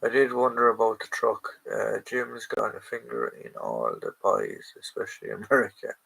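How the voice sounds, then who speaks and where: A man's voice: fairly low pitch, sing-song, moderate pace, vocal fry, bright, forceful tone, husky, poor audio. Male stream host, casual live chat, rambling delivery full of fillers. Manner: rambling, many fillers and restarts.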